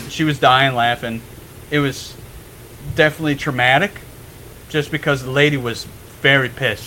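A young man on a podcast telling a story in a casual, animated way, swearing freely and laughing as he goes. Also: fairly high pitch, noisy background. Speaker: podcast guest.

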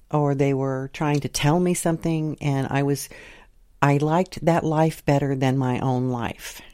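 A middle-aged woman from southern Indiana slowly recounting her dreams in a sunroom at home, pausing and restarting as she goes. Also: a bass voice, warm tone, dry recording. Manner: unhurried, halting, with pauses and restarts. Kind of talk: reflective personal storytelling.

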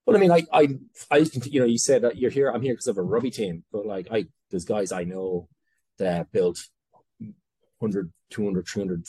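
An Irish man with a husky, low, mellow voice speaks as a guest entrepreneur in a conversational interview, recorded with no room sound. He rambles and cuts himself off, talking candidly and swearing casually.

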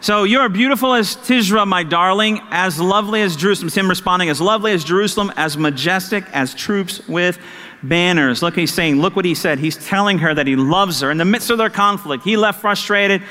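A man preaching a sermon as pastor, animated and acting out conversations with his wife. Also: high-pitched, normal speed, big-room sound.

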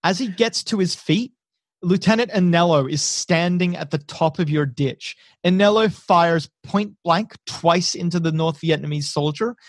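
A man's voice: high voice, moderate pace, dry recording. A man narrating a tabletop war game as game master. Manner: steady descriptive narration.

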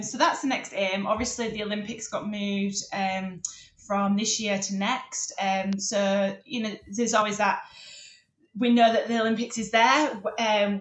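A woman's voice: medium pitch, echoey room. A young woman, a podcast guest who talks in a bubbly, self-deprecating way. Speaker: athlete guest. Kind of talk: casual chat.

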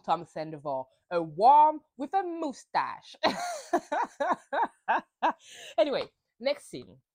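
A woman hosting a podcast, giving an opinionated, casual recap of a reality TV episode and acting out quotes from the cast. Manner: animated, opinionated, acts out quotes with big swings in pitch. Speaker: podcast host.

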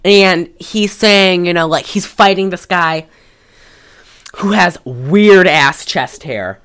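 A woman's voice: on the low side, slow pace, fairly bright tone, clear, resonant tone. A woman co-hosting a casual podcast, telling a profane, rambling story. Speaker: podcast co-host. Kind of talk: casual chat.

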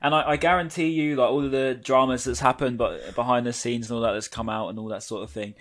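A man's voice: mid-range voice, steady tone, fast talker, a bit bright. A man co-hosting a football podcast in casual chat, making his points emphatically and repeating them. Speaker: podcast co-host.

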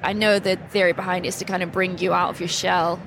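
A woman's voice: fairly low pitch, level tone, quick pace, gravelly. A woman, a guest in a casual podcast chat, talking candidly and with self-deprecating humour. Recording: noisy background hiss.

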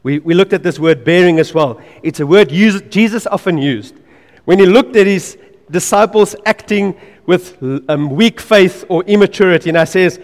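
A man preaching a sermon in an earnest, emphatic way. He repeats key phrases and drops to quiet asides. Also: sits high, moderate pace, in a large hall.

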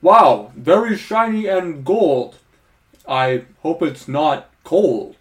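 A man's voice: on the high side, lively intonation. A man doing a clumsy goofy giant. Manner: slow, goofy sing-song rhyming. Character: clumsy friendly male giant, bad at rhyming. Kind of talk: comedy sketch.

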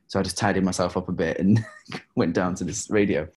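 A man's voice: low-pitched, fairly quick, slightly rough. A man, a singer, telling stories in a casual interview, full of fillers and laughs. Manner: animated, laughs often, many fillers. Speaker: guest singer.

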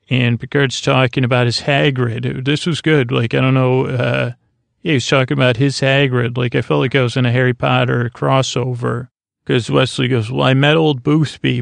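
A man's voice: mid-range voice, dry recording. A man hosting a podcast, loosely recapping a TV episode in a meandering way, full of fillers and self-corrections. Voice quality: gravelly. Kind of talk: rambling sleepy recap chat.

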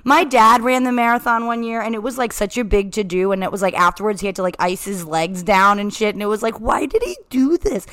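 Profane, fast-riffing woman podcast host. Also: mid-range voice, fairly bright tone, no room sound. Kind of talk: casual chat.

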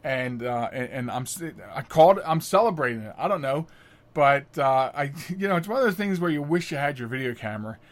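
A middle-aged man hosting a podcast, telling stories casually, chatty and animated, often laughing. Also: medium pitch, brisk. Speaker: podcast host. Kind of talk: casual storytelling monologue.

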